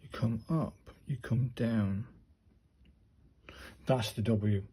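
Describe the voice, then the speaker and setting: Chatty husky man, slow and mellow. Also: mid-range voice, steady tone. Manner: chatty, muttering to himself as he writes, addresses viewers as "people". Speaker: handwriting practice vlogger. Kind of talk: casual talk-through while writing.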